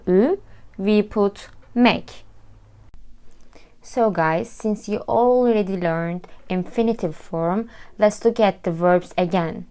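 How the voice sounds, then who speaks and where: Slow, patient Turkish woman teaching. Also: mid-range voice, clean tone. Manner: patient, explains step by step, repeats words slowly. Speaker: language teacher. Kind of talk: language lesson.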